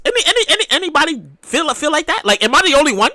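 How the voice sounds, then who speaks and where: Rowdy, slightly tipsy podcast host who rants and shouts, high-pitched, all over the place in pitch. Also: quick pace, hardly any pauses, no echo. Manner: loud, excitable, often shouting; rambling with many restarts. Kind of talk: casual podcast rant.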